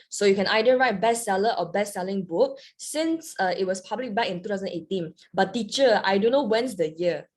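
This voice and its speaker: Young woman tutor, chatty, mixes in Mandarin, online lesson. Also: mid-range voice. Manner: switches between English and Mandarin, chatty and lively. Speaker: English teacher.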